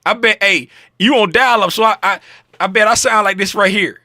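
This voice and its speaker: A man hosting a trading livestream in casual chat, joking around and shouting out viewers in chat by name. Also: high voice, moderate pace, dry recording, clean studio sound.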